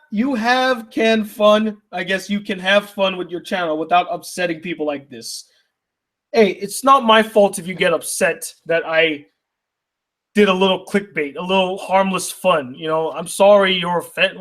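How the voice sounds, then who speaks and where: A man's voice: high voice, moderate pace, a bit bright. A young man reading out viewer mail on his channel and ranting at it, indignant and argumentative, firing rhetorical questions. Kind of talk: heated ranting commentary.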